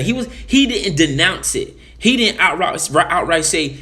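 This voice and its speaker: A man's voice: on the high side, lively intonation, unhurried, sharp tone. A man giving a casual political monologue, emphatic, often repeating and restarting phrases. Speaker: commentator.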